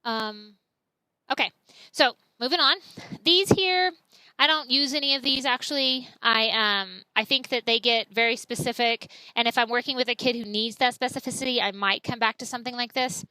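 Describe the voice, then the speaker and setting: Bright, clear woman teaching class. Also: a little high, moderate pace, no echo, poor audio. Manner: chatty and explanatory, demonstrating sounds aloud. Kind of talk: classroom lecture.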